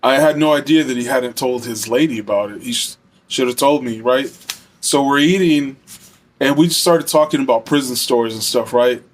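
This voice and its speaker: A man's voice: mid-range voice, moderate pace. A young man telling a personal story in a casual, rambling way, full of fillers and swearing. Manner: rambling, heavy fillers, profane.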